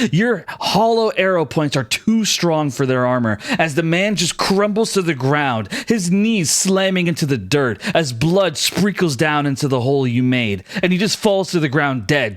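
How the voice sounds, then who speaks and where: A man running a tabletop game as dungeon master, narrating battle scenes in a lively, descriptive way. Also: on the high side, dry recording.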